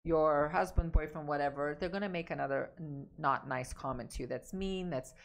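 A woman's voice: deep voice, moderate pace, vocal fry. A woman relationship coach giving emphatic, direct advice, repeating her key points. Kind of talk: advice talk to camera.

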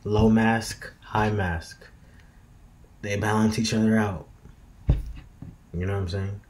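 A man's voice: on the low side, fairly even intonation, takes it slowly, darkish tone. A young man talking to himself late at night in a loose, meandering, slangy monologue that drifts into half-freestyled rhymes. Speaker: vlogger.

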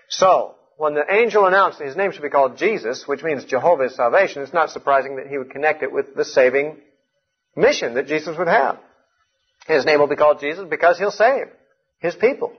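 A man's voice: mid-range voice, husky. A man teaching from the Bible in a lecture, explaining earnestly and stressing key points. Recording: muffled lo-fi recording.

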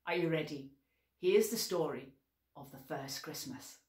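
Over a little hiss or hum, a preschool worship leader shares an interactive story with young children. Her plain, mid-pitched voice moves slowly and clearly in big, lively sing-song swoops, never hurrying, and she pauses for loud call-and-response cues inviting the little ones to join in.

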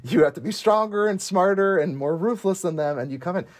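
A man co-hosting a casual movie review chat, lively and quoting characters in playful voices. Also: sits high, a little fast. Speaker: podcast co-host.

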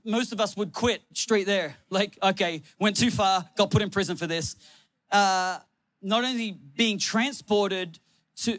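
A man preaching a sermon on a church stage, animated and laughing often, acting out little quotes from people. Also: sits high, no room sound. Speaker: pastor.

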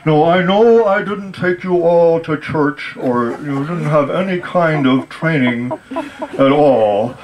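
A man voicing his elderly father as befuddled and earnest, pleading in a slow, halting way. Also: on the high side, darkish tone, slight background noise, pitched above the performer's own voice, rough recording.

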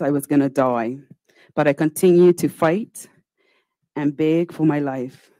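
A woman's voice: low voice, dark tone, no room sound, rough recording. A woman senator, giving a formal, earnest, pleading speech in a legislative chamber. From Bermuda. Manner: earnest, pleading, with slow deliberate pauses.

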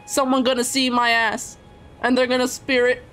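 A woman's voice: on the high side, level tone, normal speed, a bit bright, faint music behind. A woman streaming a game live, chatting with her viewers as she plays, swearing freely and laughing often. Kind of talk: live gameplay commentary.

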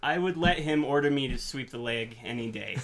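Gravelly, crude-joking man. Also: medium pitch, a little fast. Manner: crude, joking, swears freely. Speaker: podcast co-host. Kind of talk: casual movie-riffing chat.

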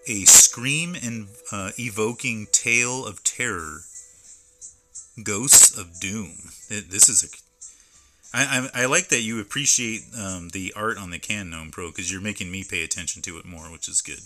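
A man's voice: lowish voice, normal speed, pushed and bright, soft background music. A man streaming live from home, chatting casually and reading labels aloud as he unboxes. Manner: rambling, stops to read can labels aloud.

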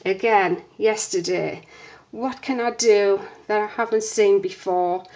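Slow, breathless woman chatting. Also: medium pitch, steady tone, a little mellow, highs cut off. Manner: chatty, unhurried, many fillers. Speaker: soap maker. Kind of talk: casual demonstration vlog.

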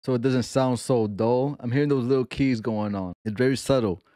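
A man from New York hosting a casual music reaction video, excitable and careful to explain his points. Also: mid-range voice, brisk, a little hiss or hum.

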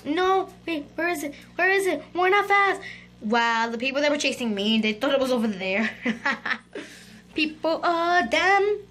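A woman hosting a gaming channel, giving excitable let's-play commentary and chattering to her viewers. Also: high-pitched, normal speed.

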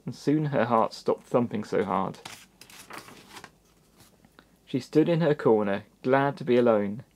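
A man reading a children's storybook aloud in a gentle manner, with little asides to the listener. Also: mid-range voice. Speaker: storybook reader.

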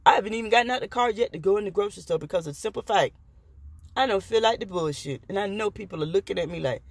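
A woman's voice: fairly low pitch, creaky, darkish tone, slightly rough. A woman vlogger speaks straight into the camera in an impassioned rant. She is blunt and profane, mixing defiance with wry jokes. The sound is dry, with no room echo. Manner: defiant and joking by turns.

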